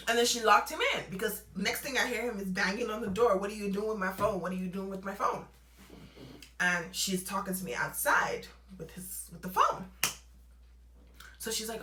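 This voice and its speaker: A young woman telling a storytime vlog, animated and acting out both sides of phone calls in a casual way. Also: mid-range voice, moderate pace, echoey room, faint music behind, poor audio.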